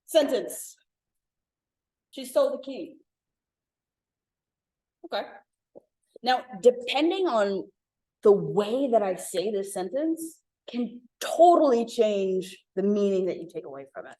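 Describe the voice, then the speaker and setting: A woman leading an interactive communication workshop for a live group, acting out example lines with lively emphasis. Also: mid-range voice, a little slow. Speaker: workshop facilitator. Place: room with live audience. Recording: echoey room.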